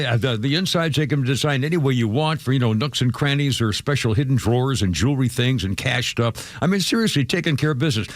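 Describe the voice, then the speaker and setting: An older man hosting talk radio, rambling and loose with plenty of fillers. His pitch swings widely as he talks. The sound is dry and close on a studio mic. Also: no room sound. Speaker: radio talk show host. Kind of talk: casual talk radio chat and live read ad.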